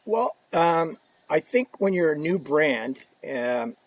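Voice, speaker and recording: A man's voice: on the high side, big pitch swings, takes it slowly, low-quality recording. An older man, a podcast guest, telling joking stories in a casual, anecdotal way. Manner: joking, anecdotal, drops in hushed asides. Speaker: podcast guest, equipment representative. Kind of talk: casual storytelling.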